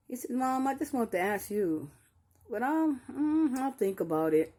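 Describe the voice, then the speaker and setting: A grieving older mother speaks to her viewers at normal speed in a high, dark-toned, very animated voice. Addressing them as "y'all," she shares her story, repeating herself and restarting sentences as painful memories return.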